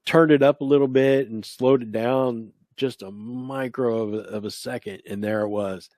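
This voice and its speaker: A man co-hosting a talk show, feeling his way through each thought, often pausing to find the right word. His voice sits at an ordinary middle pitch. It is recorded close and dry, with no room sound. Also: steady tone, mellow, no room sound. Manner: halting, searching for words. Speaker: radio show co-host. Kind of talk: casual paranormal investigation chat.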